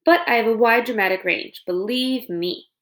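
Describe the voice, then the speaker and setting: A woman's voice: on the high side, moderate pace, a bit bright, lightly acted. A woman reading a children's novel aloud, voicing a chatty, theatrical female possum who gushes about acting. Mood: proud. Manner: dramatic, gushing, eager to please.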